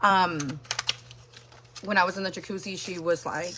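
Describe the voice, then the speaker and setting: A woman's voice: lowish voice, steady tone, moderate pace, pushed and bright, a little hiss or hum. A woman hosting a livestream, telling a personal story in a casual, rambling way full of filler words.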